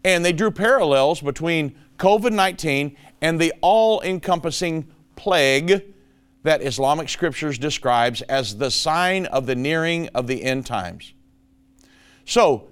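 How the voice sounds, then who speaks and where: A man's voice: a little high, lively intonation, unhurried, a bit bright, smooth. A man hosting a prophecy commentary show, talking emphatically and calling his listeners folks. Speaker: show host.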